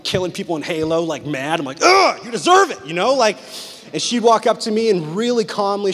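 A young man preaching a sermon, telling personal stories with intense, animated delivery that swings between loud and hushed. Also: a little high. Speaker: pastor. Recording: long hall reverb.

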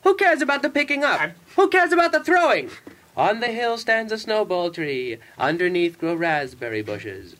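A man's voice: high voice, sing-song, moderate pace, fairly bright tone. A man giving a solemn, repetitive mock poetry recitation on a comedy radio show. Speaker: comedy troupe member.

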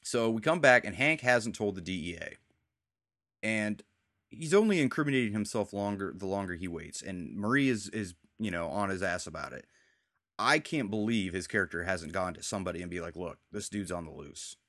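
A man with a lowish voice talks through a TV episode in a loose, rambling way, acting out characters' lines as he goes. The sound is dry and close, with no room around it. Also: animated, brisk, a bit bright, dry recording. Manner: rambling, retells scenes with quoted lines. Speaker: podcast host. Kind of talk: casual TV recap chat.

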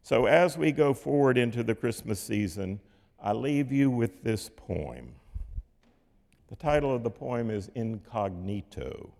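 A man preaching a sermon in a measured, rhetorical way, with dramatic pauses and dips in volume. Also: medium pitch, animated, creaky, darkish tone. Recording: long hall reverb.

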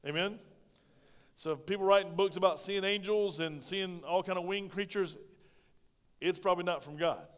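A pastor delivering a sermon in a high, lifted voice, punctuating points with asides to the congregation. His delivery swings between loud bursts and hushed remarks. The recording carries the long reverb of a large church hall. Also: normal speed, pauses often, clean tone. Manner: preaching with call-and-response asides, swings between loud and soft. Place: church sanctuary.

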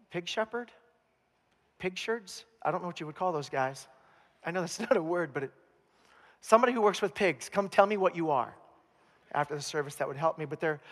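A man preaching a sermon as pastor, telling the story with humor and animated asides. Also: fairly high pitch, in a large hall. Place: church.

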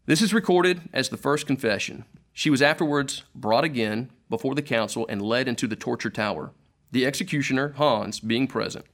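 A man reads an old account aloud to his congregation in a measured, solemn way. His voice sits at an ordinary middle pitch for a man. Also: fairly bright tone. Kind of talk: reading a martyr account aloud in church.

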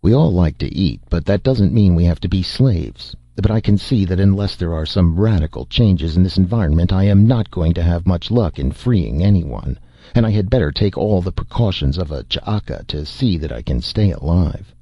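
A man's voice: deep voice, expressive, moderate pace, slightly rough, no room sound, lo-fi sound, full character voice. A man voicing a wry, resourceful male adventurer in an audiobook, with dry humor. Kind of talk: audiobook character voice.

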